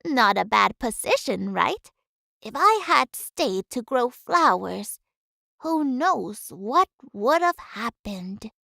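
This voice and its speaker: A woman's voice: on the high side, sing-song, takes it slowly, creaky, sharp tone, no room sound, studio quality, full character voice. A woman voicing a humble, talkative housekeeper in a game, speaking reflectively about her life. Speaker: housekeeper of a manor. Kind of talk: game voice acting.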